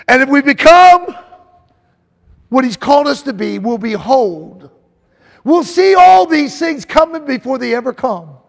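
A man's voice: very high voice, creaky, in a large hall. A man preaching a sermon, emphatic and repetitive, calling out to the congregation.

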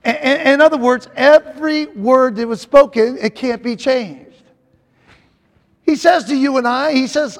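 A man's voice: very high voice, measured pace, in a large hall. A man preaching a sermon, emphatic and repetitive, calling out to the congregation.

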